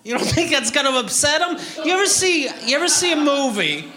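A man's voice: extremely high pitch, sing-song. Profane ranting stand-up man. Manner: profane, rapid ranting with sudden loud outbursts. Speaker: stand-up comedian. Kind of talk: stand-up routine.

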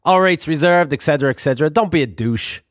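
High-voiced sarcastic man reading his book. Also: quick pace, no room sound, clean studio sound. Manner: sarcastic, ranting, profane. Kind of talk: audiobook reading with asides.

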